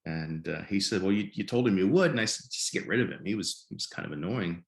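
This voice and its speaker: A man in his fifties from Nebraska, a podcast guest telling his story in a halting way and often repeating words. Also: low voice, creaky. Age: 50s. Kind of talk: conversational storytelling. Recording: roomy echo.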